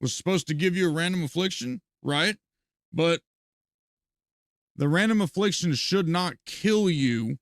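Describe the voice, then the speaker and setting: High gravelly-voiced man ranting profanely. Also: no echo, studio quality. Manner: profane, animated ranting with frequent laughs. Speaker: game streamer. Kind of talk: live gameplay commentary and ranting.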